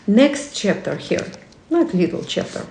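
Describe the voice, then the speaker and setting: A woman talks through a book at an unhurried pace, stopping often to put reflective questions to the listener. Her English has a non-native phrasing, and she corrects herself mid-sentence. Her tone is soft and mellow, and the room gives it a noticeable echo. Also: mid-range voice, very animated, vocal fry, slight background noise. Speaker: host. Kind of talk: casual talk reading from a book. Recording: roomy echo.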